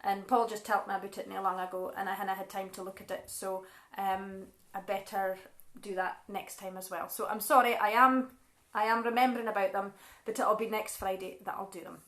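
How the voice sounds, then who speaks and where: A woman's voice: mid-range voice, fairly even intonation, fairly quick, fairly bright tone. A Scottish woman chatting casually at home between songs, reading out viewers' messages and apologising now and then. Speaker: singer and live stream co-host. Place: living room at home. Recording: echoey room.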